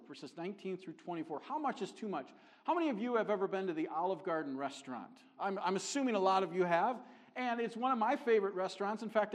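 A middle-aged man preaching a sermon as a visiting missionary, conversational and joking, growing animated as he builds a point. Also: high-pitched. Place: church sanctuary. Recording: long hall reverb.

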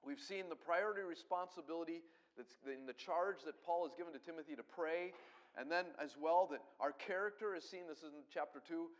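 Fervent male pastor preaching. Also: on the high side. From Colorado. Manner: fast-paced preaching with sudden loud emphatic swells. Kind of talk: sermon.

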